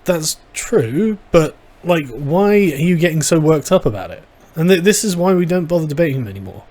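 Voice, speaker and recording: A man's voice: a little high, animated, normal speed, darkish tone. A man hosting a casual livestream, reading viewer chat aloud and reacting with wry, sarcastic asides. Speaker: livestream host.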